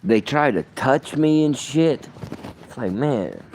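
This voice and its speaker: A man's voice: medium pitch, big pitch swings, takes it slowly, a little mellow, slight background noise. A man rambling in a vlog monologue, profane, muttering at times and then bursting out. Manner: profane, rambling, swings between muttering and outbursts. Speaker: vlogger.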